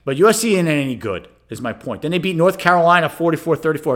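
This sports talk host is a middle-aged man whose fairly high, slightly bright voice moves at a quick clip with barely any pauses and plenty of expression. Working solo, he rants with sarcasm, flares into exasperation, and speaks straight to his audience with frequent "okay?" asides.

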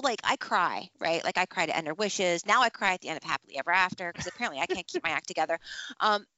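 A woman chatting casually as a podcast co-host, telling stories with lively acted-out reactions. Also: mid-range voice. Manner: animated storytelling, acts out her own reactions. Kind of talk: casual chat. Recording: dull, slightly lo-fi dry sound.

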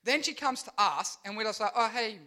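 Animated high-voiced youth preacher. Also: male voice, a little fast. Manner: animated storytelling with sound effects and funny voices. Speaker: youth pastor. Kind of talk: energetic youth sermon.

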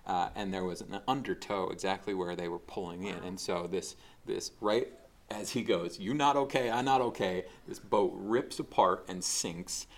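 A man with a very low, gravelly voice delivers a relaxed sermon. He talks conversationally, full of fillers and restarts. It sounds like a pastor teaching, not performing. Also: moderate pace. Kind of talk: casual sermon.

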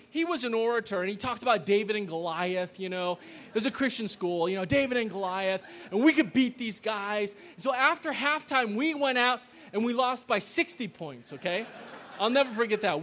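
A middle-aged man telling a story to a live audience, checking in with "okay?" and "right?" after nearly every line. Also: sits high. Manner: animated, peppers lines with "okay?" and "right?"; loud call-and-response chanting with the audience.

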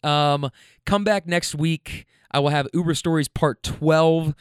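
A man's voice: on the high side, unhurried, smooth, dry recording, clean studio sound. A young man hosting a casual podcast, joking and rambling loosely about sports with lots of fillers. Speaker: podcast host.

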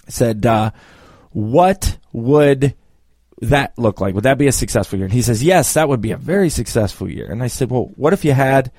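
A man working as a business coach who tells a client story with lively re-enacted dialogue. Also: mid-range voice, normal speed, no echo, clean studio sound. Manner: animated storyteller, acts out both sides of the dialogue. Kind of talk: storytelling talk.

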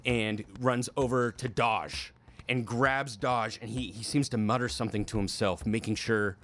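A man's voice: medium pitch, fairly even intonation, normal speed, a bit bright. A man running a tabletop game as game master, narrating scenes in vivid, descriptive bursts.

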